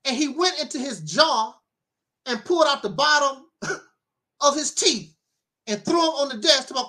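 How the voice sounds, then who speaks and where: A middle-aged minister with an extremely high-pitched voice talks at a moderate pace, leaving long pauses. His casual monologue is animated storytelling, marked by frequent laughter and preachy asides.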